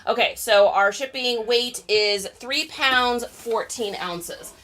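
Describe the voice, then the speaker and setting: A woman with a slightly high, bright, forceful voice speaks slowly as she packs orders to ship during a live stream. She's a reseller who chats casually with her viewers and reads their comments aloud.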